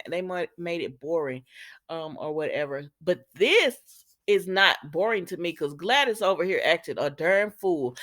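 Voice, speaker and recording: A woman's voice: lowish voice, a bit bright, no echo, studio quality. A woman, recapping a soap opera casually and tossing sassy asides to her viewers.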